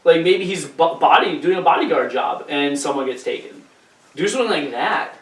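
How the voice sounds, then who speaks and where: A man's voice: fairly high pitch, expressive, normal speed, far from the mic. A man co-hosting a podcast, telling stories in casual, profane, joking talk. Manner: profane, jokey storytelling with put-on voices. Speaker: podcast co-host. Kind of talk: casual chat. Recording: roomy, off-mic.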